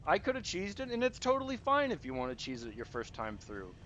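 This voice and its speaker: A man's voice: sits high, huge pitch swings, brisk, fairly bright tone, lo-fi sound, slight background noise. A man streaming live gameplay commentary, talking straight to his viewers in a casual, rambling way, full of restarts and fillers, encouraging them as he plays. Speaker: gaming streamer.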